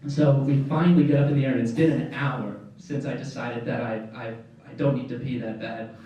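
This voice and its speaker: A man's voice: mid-range voice, fairly even intonation, fairly quick, warm tone, lo-fi sound, slight background noise. A young man performing a stand-up comedy set, telling a rambling story full of fillers and often laughing at his own jokes. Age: young adult. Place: comedy club stage, indoors. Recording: echoey room from far off, audience laughter.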